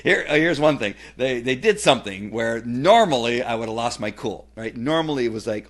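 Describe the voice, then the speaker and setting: A middle-aged man giving a casual personal testimonial, rambling with many fillers and restarts and growing animated when he retells family scenes. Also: medium pitch, normal speed, few pauses, slight background noise. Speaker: testimonial speaker.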